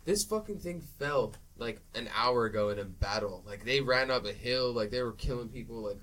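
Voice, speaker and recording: A man in casual podcast chat recaps a film scene by scene, swearing freely and getting worked up as he goes. His voice sits at an everyday middle pitch. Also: moderate pace, recorded from a distance, rough recording. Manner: profane, animated retelling of scenes. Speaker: podcast co-host. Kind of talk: casual movie review chat.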